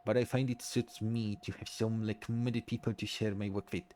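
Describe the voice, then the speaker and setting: A man's voice: fairly low pitch, flat delivery, fairly quick, warm tone, a little hiss or hum, natural voice. A man voicing a formal, polite male French academic who hunts frauds, with a put-on French accent, reading game dialogue aloud. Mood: courteous.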